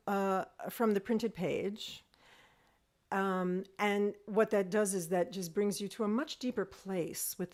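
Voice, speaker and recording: A woman teaching an online music lesson, talking thoughtfully with pauses and singing rhythms aloud to demonstrate. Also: a little high.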